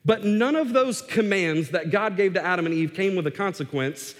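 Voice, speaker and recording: A man's voice: high voice, moderate pace. A man preaching a sermon, emphatic, repeating words for stress, with restarts and fillers. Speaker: pastor. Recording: echoey hall reverb.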